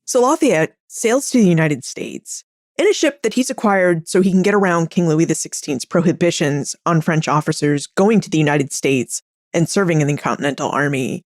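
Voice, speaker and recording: A woman podcast host asking curious, clearly framed questions of her guest. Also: low-pitched, expressive, moderate pace, no echo, clean studio sound. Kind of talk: interview questions.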